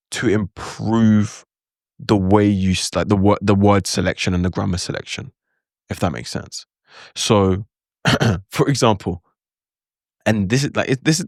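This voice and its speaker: With a lowish, creaky, slightly mellow voice, a man talks casually through a lesson on language learning. He wanders into asides and performs his own reactions as quotes. The sound is dry and of studio quality.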